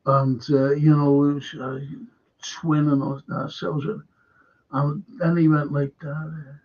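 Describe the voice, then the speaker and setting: Gravelly, husky Liverpool man ranting. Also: on the high side, flat delivery, a little slow, highs cut off. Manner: swears heavily, rambling and heated. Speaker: live stream host. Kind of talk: casual rant to a live stream.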